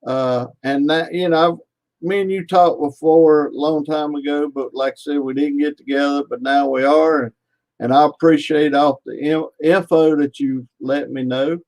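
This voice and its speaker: A man talking casually as a radio guest, halting and full of fillers. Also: on the high side, fairly even intonation, darkish tone. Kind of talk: casual interview chat.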